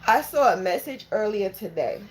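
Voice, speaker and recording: A woman's voice: medium pitch, lively intonation, moderate pace, slight background noise. A woman with children, talking earnestly and emotionally in a motivational vlog about running her small business. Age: adult with children. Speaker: small business owner giving mentoring talk. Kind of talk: heartfelt motivational vlog talk.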